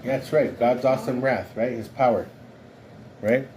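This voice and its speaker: A man's voice: mid-range voice, fairly even intonation, unhurried, a little mellow, a little hiss or hum. A man leading an informal Bible study, talking it through conversationally and often checking in with "right?". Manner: conversational, keeps asking "right?". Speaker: Bible teacher.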